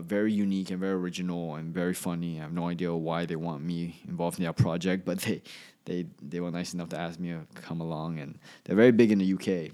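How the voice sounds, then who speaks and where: Deep-voiced and darkish in tone, this man from Asia, a comedian, runs a solo podcast. He has a slight Australian accent and rambles conversationally, restarting and self-correcting a lot.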